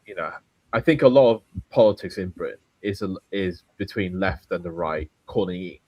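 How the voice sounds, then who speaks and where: Deep voiced guy, dry sound, measured talk on a video call panel. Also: darkish tone, no echo. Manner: measured, hedging with "right?". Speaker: podcast guest. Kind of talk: casual panel chat.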